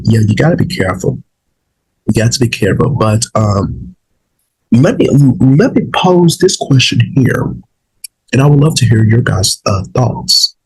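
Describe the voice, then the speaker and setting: A man's voice: fairly low pitch, creaky, a little mellow, husky, rough recording. A man, a little sick and saving his voice, talking casually to his viewers in a rambling way, with many fillers and restarts. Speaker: vlog host. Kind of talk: casual opinion talk to viewers.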